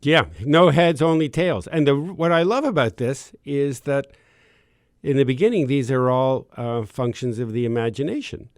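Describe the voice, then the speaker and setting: A man's voice: medium pitch, moderate pace, dry recording, clean studio sound. Enthusiastic talk show host man, meandering. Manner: enthusiastic, meandering, searching for words. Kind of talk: casual talk show chat. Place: radio studio.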